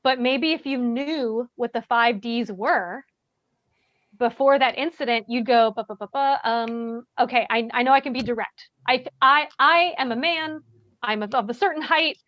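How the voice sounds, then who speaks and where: A woman calmly explaining how to handle tense situations, often checking in with "right?". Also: on the high side, unhurried, no echo. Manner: calm, explanatory, many "right?" tags. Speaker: bystander intervention trainer. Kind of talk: workshop discussion, answering questions. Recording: dry, dull lo-fi sound.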